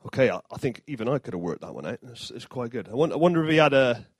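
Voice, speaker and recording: A man's voice: medium pitch, sing-song, fast, breathy edge, dry recording. A man giving an informal sermon, mixing scripture with jokey asides and self-deprecating humor. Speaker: preacher.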